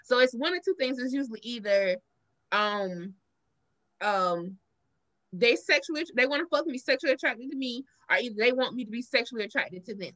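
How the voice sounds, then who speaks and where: Bright-voiced Southern woman telling stories. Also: on the high side, fairly quick. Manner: animated storytelling, acts out quoted lines. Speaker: podcast co-host. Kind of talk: casual chat.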